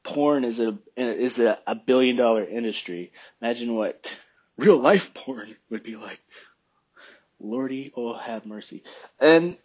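A man's voice: medium pitch, unhurried, darkish tone, breathy edge, lo-fi sound. A man in a casual opinion monologue, rambling and thinking aloud, often questioning himself.

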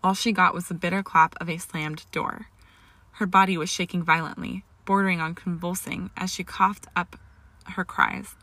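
A woman's voice: lowish voice, fairly even intonation, moderate pace, bright, forceful tone, no room sound. A woman reading a story aloud as narrator, with occasional slips and restarts. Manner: reads dialogue with raised emotion, small slips and restarts. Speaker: fan fiction reader. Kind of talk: audiobook-style story narration.

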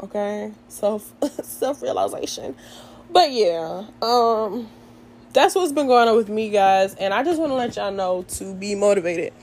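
A young woman, chatting casually to her viewers and telling an animated story. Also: mid-range voice, unhurried. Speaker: vlogger.

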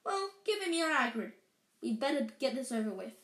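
A woman voicing a stern, older female witch professor who talks in a sharp, hushed, scolding way, read aloud from a storybook in an echoey room. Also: high-pitched, big pitch swings, brisk. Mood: anxious.

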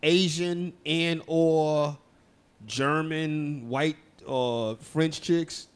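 A man's voice: a little high, steady tone, very slow, smooth. A man from Texas co-hosting a podcast, telling stories in a loose, profane, laughing way. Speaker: podcast co-host. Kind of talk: casual chat.

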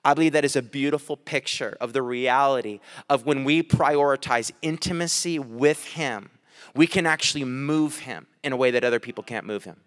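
A man's voice: mid-range voice, normal speed, a bit bright, big-room sound. A man preaching a sermon, reading scripture aloud and breaking off with light, chuckling asides to the congregation. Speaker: pastor.

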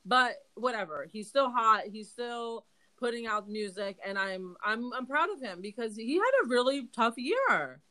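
A woman's voice: a little high, lively intonation, moderate pace, pushed and bright, low-quality recording. A young woman co-hosting a podcast in casual chat, laid-back and candid, with frequent "um"s. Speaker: podcast co-host.

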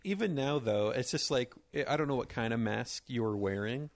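Gravelly young man in casual chat. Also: mid-range voice, moderate pace, dry recording. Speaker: podcast co-host.

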